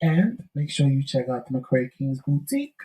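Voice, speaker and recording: A man's voice: medium pitch, animated, moderate pace, warm tone. A man co-hosting a casual talk show who retells events in a dramatic, exaggerated way. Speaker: co-host. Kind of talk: casual chat. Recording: echoey room, off-mic.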